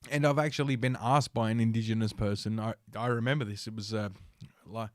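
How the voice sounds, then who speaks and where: A man's voice: on the low side, steady tone, fairly quick, no room sound, clean studio sound. A man with an Australian accent, hosting a livestream and telling a rambling, profane story full of fillers and restarts. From South Australia, Australia. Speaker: podcast host.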